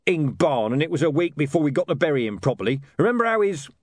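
A man putting on a crude, blunt thug who swears in nearly every sentence. The voice sits higher and louder than the reader's narration and swings around a lot. The sound is dry and close. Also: very animated, quick pace, no room sound.

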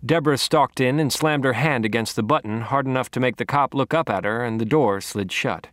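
A man narrating a novel in the first person with a wry, deadpan delivery. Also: mid-range voice, brisk, no room sound, clean studio sound. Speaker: audiobook narrator.

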